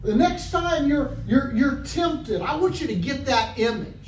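A man preaching a sermon as pastor, trading calls and responses with his congregation and building up to shouts. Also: extremely high pitch, lively intonation, a little slow, far from the mic, faint music behind. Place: church sanctuary. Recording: echoey hall, mic from afar, faint noise.

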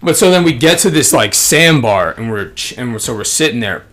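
A young man telling a story in casual chat, slangy and profane, full of fillers and animated. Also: mid-range voice, brisk.

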